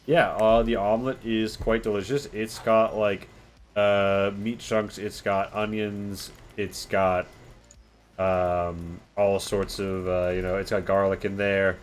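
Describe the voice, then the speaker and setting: A man's voice: on the low side, takes it slowly, soft background music. Laid-back male game master. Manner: relaxed, rambling with fillers. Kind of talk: narrating a tabletop game.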